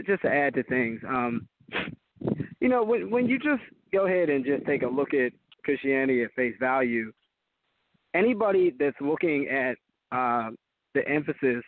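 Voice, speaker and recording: A man's voice: mid-range voice, no room sound. Emphatic man on a tinny phone line. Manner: emphatic, repetitive, preacherly. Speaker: Christian apologist guest. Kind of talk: call-in talk show debate.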